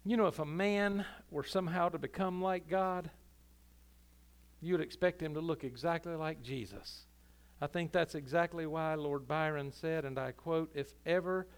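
High-voiced preaching pastor, man. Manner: impassioned preaching, building to loud emphatic climaxes. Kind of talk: sermon. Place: church sanctuary.

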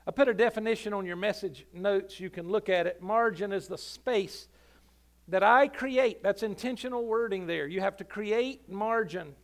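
A man's voice: sits high, moderate pace, hardly any pauses. A male senior pastor giving a sermon in a folksy, conversational manner.

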